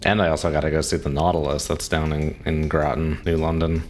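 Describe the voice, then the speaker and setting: A man's voice: very deep voice, flat delivery, fairly quick, a little hiss or hum. A man streaming a game, chatting casually and answering chat questions, with frequent chuckles. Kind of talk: casual live-stream commentary.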